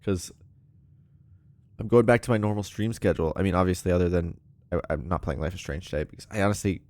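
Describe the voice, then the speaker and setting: A man's voice: deep voice, fast talker, darkish tone. A man livestreaming a puzzle game, chatting casually and rambling with lots of ums and frequent laughs. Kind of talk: casual live-stream chat.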